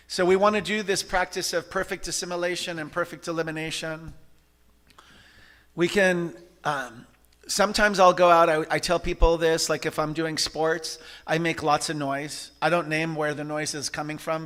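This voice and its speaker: Male church service leader, bright, a little high, animated and chatty with shouting bursts. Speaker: practitioner leading a service. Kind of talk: sermon. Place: church sanctuary.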